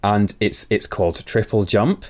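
A man's voice: lowish voice, normal speed, a little mellow. A man co-hosting a podcast, talking casually with many ums and restarts. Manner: hesitant, lots of ums and restarts. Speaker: podcast co-host. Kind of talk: casual chat.

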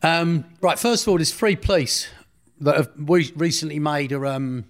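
A man's voice: on the high side, normal speed. A middle-aged man, a podcast guest telling a long story in a casual, rambling way, often correcting himself and acting out what others said. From Essex, England. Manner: rambling, self-correcting, acts out others' speech. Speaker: interview guest.

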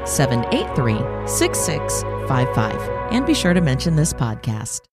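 A woman's voice: very deep voice, huge pitch swings, a little slow. A woman reading a scripted promotional ad in a polished voice. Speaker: ad announcer. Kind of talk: scripted ad read. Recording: announcement over loud music.

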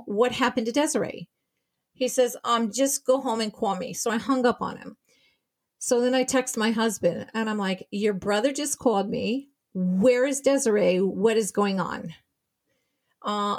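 Grieving mother recounting a tragedy. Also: mid-range voice. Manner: tells events by acting out quoted dialogue. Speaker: interviewee, mother of a murder victim. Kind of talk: emotional personal account.

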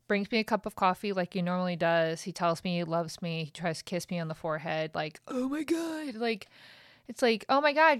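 Candid woman venting, smooth clear voice. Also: fairly low pitch, no room sound, clean studio sound. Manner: raw, venting, emotional, swears freely. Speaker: podcast host. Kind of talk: candid personal monologue.

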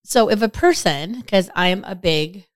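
A woman's voice: unhurried, dry recording, studio quality. A woman co-hosting a podcast, chatting casually and telling stories, acting out quoted lines with big jumps in her voice. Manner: lively storyteller, acts out quotes with big pitch jumps. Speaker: podcast co-host. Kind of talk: casual chat.

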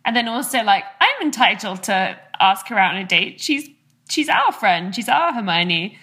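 A woman guest on a casual podcast chat, chiming in with quick, playful remarks. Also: mid-range voice, very animated, sharp tone, slightly rough. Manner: quick agreeing interjections, playful.

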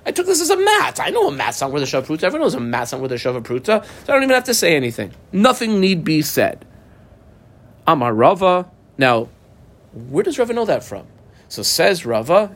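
Animated man teaching Gemara. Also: on the high side. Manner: reads Aramaic text then translates, animated, marks up the text aloud. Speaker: Talmud teacher. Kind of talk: daf yomi Gemara class.

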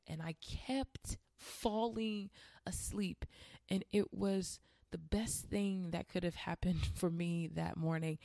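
Gravelly-voiced woman in her thirties, candid. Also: fairly low pitch, unhurried, a little mellow, no echo, studio quality. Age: 30s. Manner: candid, chatty, addresses listeners directly. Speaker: podcast host. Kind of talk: personal reflective monologue.

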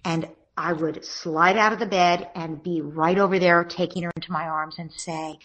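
A woman giving parenting advice in a podcast conversation, acting out gentle things a parent would say. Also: lowish voice, fairly even intonation, moderate pace, few pauses, rough recording. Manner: acts out gentle parent lines in a lilting voice. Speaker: parenting expert guest.

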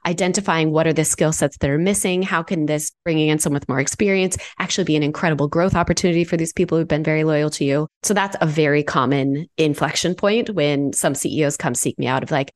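Low-voiced articulate woman guest. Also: fast, hardly any pauses. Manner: articulate, animated, laughs easily. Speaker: guest, executive consultant. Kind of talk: conversational interview answers.

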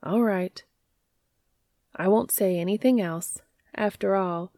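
A woman voicing a reasonable young man, a younger brother studying law, who argues calmly and persuasively in a storybook reading. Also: medium pitch, slow pace, dry recording, studio quality. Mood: fond. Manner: calm, persuasive.

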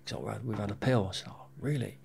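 British man, ex-army, gravelly low-edged voice, blunt candid storyteller who swears and trips over his words, interview guest. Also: very fast, darkish tone. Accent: British English. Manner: candid and plain-spoken, swears freely, repeats words as he goes. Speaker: interview guest, former soldier.

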